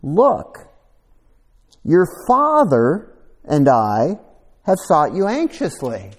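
A man's voice: a little high, huge pitch swings, extremely slow, in a large hall, pitched above the performer's own voice, full character voice. A man voicing an anxious mother who questions her lost son in a pleading, raised voice, while reading scripture aloud in a sermon. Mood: reproachful.

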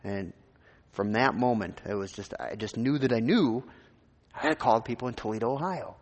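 A man from Minnesota, preaching his own testimony in loose, rambling storytelling and often restarting his sentences. His mid-pitched voice rings out with the long reverb of a large church hall. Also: normal speed, slight background noise. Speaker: pastor. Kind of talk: personal testimony in a sermon.

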